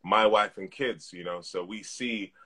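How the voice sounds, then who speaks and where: A man in his thirties, an actor being interviewed over a live video call, talking in a relaxed, reflective way. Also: fairly low pitch, unhurried, crowd noise. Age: 30s. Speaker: actor guest. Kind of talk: casual interview.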